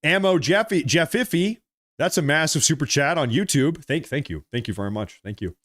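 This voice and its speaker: A man's voice: a little high, animated, a little fast, no room sound. A man hosting a live political stream, talking casually and repeating himself as he addresses viewers directly. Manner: chatty and repetitive, addressing viewers directly as folks and ladies and gentlemen. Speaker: political livestream host.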